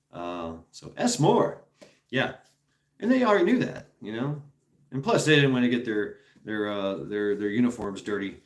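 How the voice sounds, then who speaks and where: A man's voice: mid-range voice, reverberant. A man hosting a stream, talking casually with viewers in a rambling, profane way and laughing often. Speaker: streamer host.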